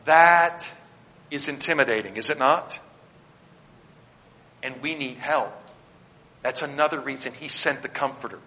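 A Baptist pastor preaching a sermon, swinging between loud declarations and quiet asides as he speaks straight to his congregation and points them to their notes. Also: a little high. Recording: long hall reverb.

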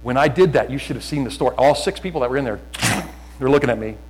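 A middle-aged male pastor preaching a fervent sermon, often loud, repeating words as he builds. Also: mid-range voice, animated, fast, rough recording.

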